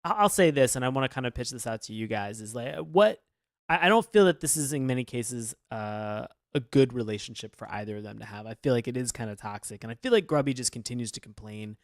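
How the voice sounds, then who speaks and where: Animated male podcast host with lively pitch. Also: fairly quick, dry recording, studio quality. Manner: animated, swings into loud put-on voices when quoting characters. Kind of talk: casual podcast chat.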